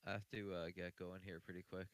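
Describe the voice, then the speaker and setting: A man's voice: low-pitched, level tone, a little fast, dry recording, poor audio. A man in a casual online panel chat, joking around and hesitating over his words. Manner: hesitant, joking, full of fillers. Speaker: panel guest.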